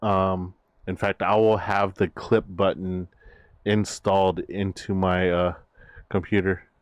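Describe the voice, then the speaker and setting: Low, slow-talking male streamer. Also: level tone, clean tone, no echo. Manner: rambling, many fillers and restarts. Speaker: VTuber streamer. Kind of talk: casual stream chat.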